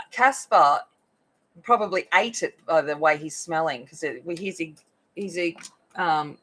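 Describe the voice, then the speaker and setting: On a low-quality recording, an Australian woman with a mid-range, slightly bright voice hosts an adult coloring video. She chats casually while coloring, rambling with plenty of fillers.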